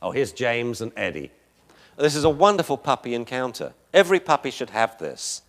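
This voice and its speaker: A man giving a lecture on dog behavior while narrating video footage. His pitch swings widely, rising and falling as he talks. He chuckles often and slips into voices for the dogs. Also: sing-song, moderate pace, fairly bright tone.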